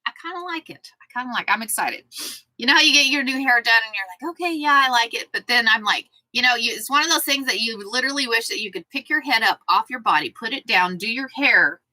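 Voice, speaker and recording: A chatty woman hosts a sewing livestream, with a bright, forward tone. She talks casually, greets viewers by name and fusses over her dog. The sound is dry and close, with little room echo. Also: on the high side, fast.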